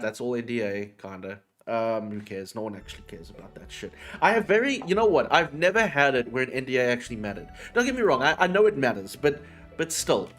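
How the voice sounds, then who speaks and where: A man's voice: medium pitch, a bit bright. Chatty man streaming, casual. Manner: chatty, swears casually, talks to chat and his cat. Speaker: livestreamer.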